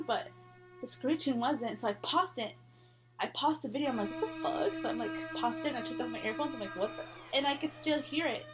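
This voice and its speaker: A young woman telling a scary story in a casual, rambling way, full of fillers and swearing. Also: a little high.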